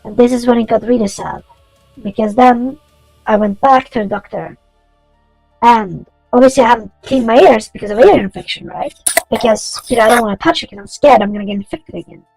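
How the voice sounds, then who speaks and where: A woman's voice: a little high, fairly quick, vocal fry, darkish tone, soft background music, rough recording. A woman chatting casually while coding on stream, rambling through stories and swearing freely.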